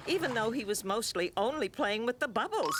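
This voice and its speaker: A woman giving clear scripted narration for a children's cartoon. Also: on the high side, sing-song, a little fast, loud music behind the voice.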